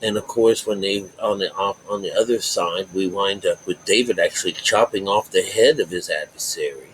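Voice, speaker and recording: A man's voice: sits low, moderate pace, slight background noise, low-quality recording. A man teaching about the Bible in a rambling way, circling back to repeat his points and leaning hard on key words. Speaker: self-taught Bible teacher.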